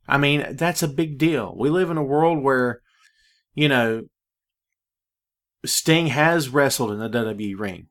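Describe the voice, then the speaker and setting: A man with a mid-range voice hosts a solo podcast, speaking a little slowly with long pauses. He's out of breath, casual and laid-back, often saying "man" and drifting into friendly preaching.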